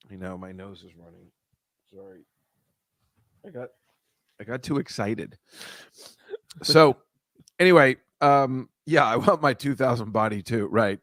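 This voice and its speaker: A man's voice: medium pitch, expressive, measured pace, pauses often, a bit bright, no echo, clean studio sound. A man hosting a casual comedy chat show, rambling and self-deprecating, stammering and restarting as he goes. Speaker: host.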